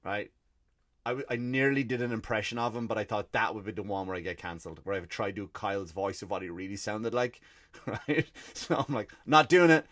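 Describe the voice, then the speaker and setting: A man's voice: on the low side, brisk. An Irish man hosting a comedy podcast, telling stories in a swearing, ranting way. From Ireland. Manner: profane, ranting, animated. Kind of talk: comic rant and storytelling.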